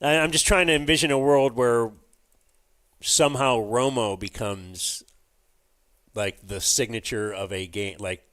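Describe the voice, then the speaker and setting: A man co-hosting a podcast livestreamed from a club chats about sports in a relaxed, rambling manner full of fillers. His medium-pitched voice is fairly bright and a little slow.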